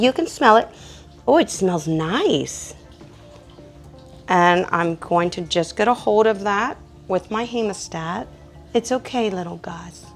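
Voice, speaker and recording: A woman with a lowish voice and a gritty edge walks viewers through a grooming routine in a grooming salon. She talks calmly and clearly to the camera and coaxes the dog gently. Quiet music plays underneath. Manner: calm instructive talk to viewers, soft coaxing to the dog. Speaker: professional pet groomer.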